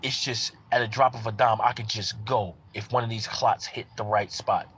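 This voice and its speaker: A man's voice: lowish voice, fairly even intonation, normal speed, a bit bright, slight background noise. A man giving a casual personal testimony in an earnest way, repeating phrases for emphasis. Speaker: parent sharing a personal testimony.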